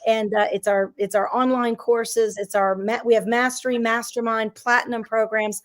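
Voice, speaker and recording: High-voiced energetic woman business coach. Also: normal speed. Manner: energetic, emphatic, motivational. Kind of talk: casual interview chat.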